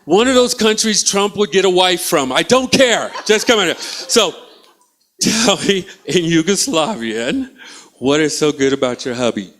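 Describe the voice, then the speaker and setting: A man's voice: high voice, very animated, unhurried, a bit bright. A male stand-up comedian teasing and riffing with the audience from a small theatre stage. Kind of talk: stand-up crowd work.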